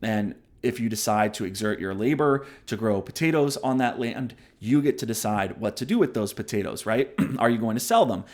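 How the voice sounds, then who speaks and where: Speaking in a low, animated voice at normal speed with hardly any pauses, a book review host explains ideas conversationally. He frequently tags on "right?" and is self-aware about his digressions.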